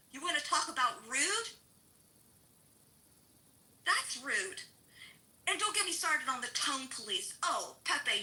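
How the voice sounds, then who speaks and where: A woman's voice: high voice, sharp tone, poor audio. A middle-aged woman in a heated, sarcastic, swearing rant to a social audio room.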